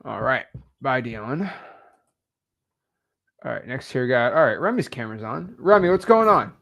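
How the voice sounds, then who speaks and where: A man's voice: medium pitch, lively intonation, normal speed, vocal fry, a bit bright. Young male coach, easygoing and joking, loose unscripted delivery. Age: 20s. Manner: laid-back, teasing, with many fillers. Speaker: wholesaling coach hosting a live call. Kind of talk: casual coaching call.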